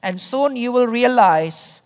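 A pastor delivers a sermon at an unhurried, measured pace. He stresses key phrases by repeating them and keeps checking in with the congregation. His voice carries a long reverb from a big church sanctuary. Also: medium pitch, lively intonation, a little mellow.

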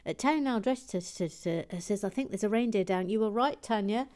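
A woman hosting a livestream and chatting casually as she builds and reads viewer messages aloud. She often drops into soft, whispered asides and is chatty, self-deprecating and full of restarts. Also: medium pitch, a little fast. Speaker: livestream host.

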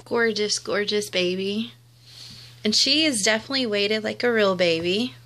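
A woman's voice: mid-range voice, normal speed, a bit bright, slight background noise. A young woman, cooing and gushing over an unboxing in casual commentary. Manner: gushing and cooing, repeats exclamations. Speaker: vlogger unboxing a doll.

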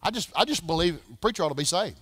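Southern pastor guy preaching in church, high voice, dry sound, loud then quiet. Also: animated, rapid-fire, breathy edge, dry recording. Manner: preaching with swings from shouting to hushed. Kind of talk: sermon. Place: church sanctuary.

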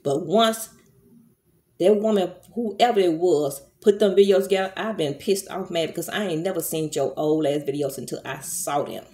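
Speaking at a normal speed in a fairly low, slightly mellow voice, a middle-aged vlogger angrily rants at her camera. She swears, tears into someone, and turns to her audience as y'all.

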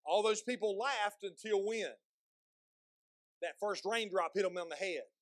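A male pastor preaching a sermon, asking the congregation questions and slowing down to read scripture aloud with emphasis. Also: high-pitched, no room sound. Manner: slows and stresses when reading scripture aloud; repeats words and restarts phrases, asks the congregation questions.

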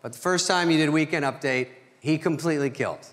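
Deadpan middle-aged comedian in a hall. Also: male voice, on the high side. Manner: dry, deadpan, pausing for punchlines. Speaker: comedian roasting a friend. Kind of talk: stand-up roast speech. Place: theater stage at an award ceremony. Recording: reverberant hall, noisy live recording.

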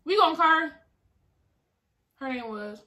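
A young woman vlogger telling a story in casual chat, animated and acting out the people in it. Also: sits high, a little slow. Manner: animated, acts out voices in her story.

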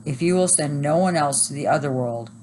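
A woman reading aloud and voicing a booming, mysterious male knight in red armor, with a stern, commanding delivery. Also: fairly quick, darkish tone, a little hiss or hum, lightly acted, low-quality recording.

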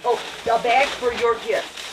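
A woman's voice: fairly high pitch, fairly even intonation, unhurried, background noise. A woman patiently explaining and repeating herself in casual chat at a family gift exchange, caught on a home video camera. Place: living room at a family home. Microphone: distant home video camera. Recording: far-off camcorder, chatty room.

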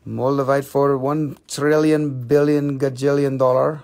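A man's voice: mid-range voice, little pitch movement, a little slow, darkish tone. A man hosting a live stream where he sells minerals, with joking, chatty patter that coaxes viewers to comment.

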